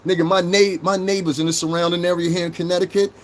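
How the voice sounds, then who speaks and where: A man's voice: high-pitched, level tone, quick pace, a little hiss or hum. Brash New York man ranting to chat. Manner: brash, profane, confrontational, talks straight to chat. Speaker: livestream host. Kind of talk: casual livestream rant.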